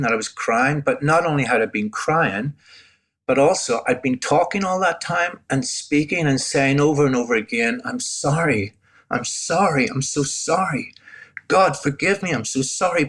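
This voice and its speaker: A man, a podcast guest candidly telling his personal testimony with halting restarts and self-deprecating asides. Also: medium pitch, fairly bright tone. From Northern Ireland.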